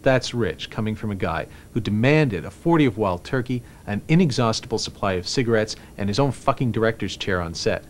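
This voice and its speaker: Sarcastic ranting producer, lively pitch. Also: male voice, a little fast, hardly any pauses, slight background noise. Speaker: film producer. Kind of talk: mockumentary interview. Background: music.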